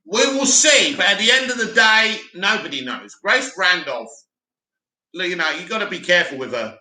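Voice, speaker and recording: A man hosting a live stream, reading viewer comments aloud and giving animated, opinionated replies. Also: high voice, moderate pace. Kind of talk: casual live chat reading. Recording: roomy echo.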